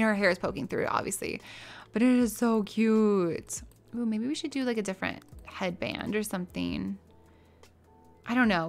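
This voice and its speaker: Gushing woman streamer chatting at home. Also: medium pitch. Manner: gushing and chatty, drifting between soft asides and excited squeals. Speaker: game streamer. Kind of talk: casual live-stream chat while playing. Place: her own room at home.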